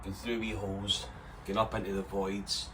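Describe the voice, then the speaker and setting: Chatty Scottish man, lower voice. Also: flat delivery, normal speed, background noise. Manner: chatty, explaining as he goes. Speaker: vlogger building a campervan. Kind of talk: casual walkthrough vlog. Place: inside a van under conversion.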